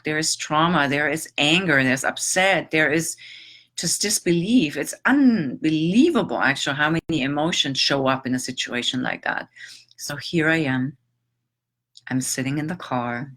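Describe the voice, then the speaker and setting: Slow, reflective middle-aged woman storyteller. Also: deep voice, fairly bright tone. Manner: reflective, halting, emotional, with long pauses. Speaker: transformational teacher. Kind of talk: personal storytelling podcast.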